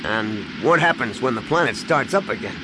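A man doing a gruff weary starship captain. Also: medium pitch, animated, normal speed, noisy background, close to an everyday voice. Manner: gruff, growling. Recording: music clearly behind.

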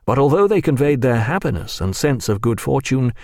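A male narrator reads a seafaring novel aloud with lively, varied intonation. His voice sits at an ordinary pitch, close to the mic in a dry, deadened space. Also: fairly quick, dry recording. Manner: expressive storytelling. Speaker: audiobook narrator. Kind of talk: scripted narration.

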